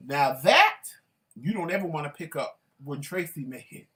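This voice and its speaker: A woman with a low but bright, forceful voice chats as co-host of a casual talk show. She tells stories in an animated, outspoken way. She sits a little back from the mic. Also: moderate pace, distant mic. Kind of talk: casual chat.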